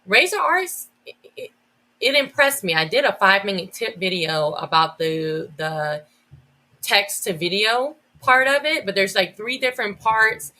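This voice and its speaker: A woman's voice: medium pitch, measured pace, bright, forceful tone. A woman educator as a podcast guest, talking enthusiastically in a casual, rambling way with many restarts and "like" fillers.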